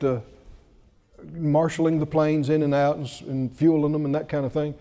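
A man's voice: high voice, mellow. A male preacher delivering a sermon, telling a story with laughter and rising exclamations. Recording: reverberant hall.

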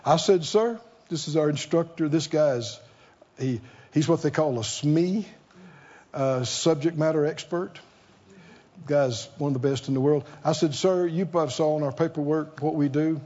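A man's voice: a little high, moderate pace, dark tone, lo-fi sound. A man preaching a sermon, emphatic and fond of rhetorical questions.

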